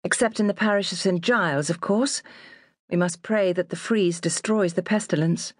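A woman's voice: lowish voice, normal speed, dry recording, natural voice. A curt, sour doctor who speaks in short, brusque lines, read by a woman narrating an audiobook. The recording is dry and close.

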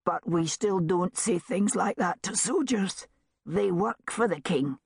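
A woman's voice: fairly low pitch, unhurried, vocal fry, slightly rough, dry recording, heavily acted. A woman reading aloud, voicing a firm, dryly amused father. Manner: firm, dry, murmuring.

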